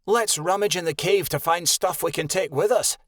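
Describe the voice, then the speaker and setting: A man voicing a bossy, practical young male wolf who gives brisk orders. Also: high voice, a bit bright, no echo, clean studio sound, pitched above the performer's own voice. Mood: eager.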